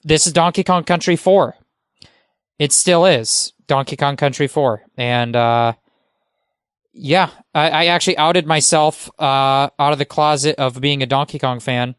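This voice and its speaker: A man's voice: fairly high pitch, a little slow, clean tone, no room sound, studio quality. A man who is a guest on a podcast, talking casually and with enthusiasm, rambling and using many fillers.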